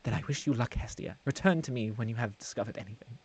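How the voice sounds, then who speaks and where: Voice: mid-range voice, fast talker, darkish tone, slightly rough, pitched below the performer's own voice. A streamer voicing a grave older woman with a Welsh accent, reading solemn lines with a few stumbles. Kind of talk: live-streamed game voice acting.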